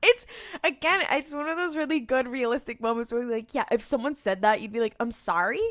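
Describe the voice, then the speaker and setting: A woman's voice: a little high, fairly quick, a bit bright. A woman co-hosting a casual rewatch podcast, retelling an episode and acting out the characters' lines with laughter. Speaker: podcast co-host.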